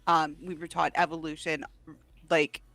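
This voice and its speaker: A woman on a casual online panel, chatting quickly and eagerly. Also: low-pitched, level tone, a bit bright. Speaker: panel guest.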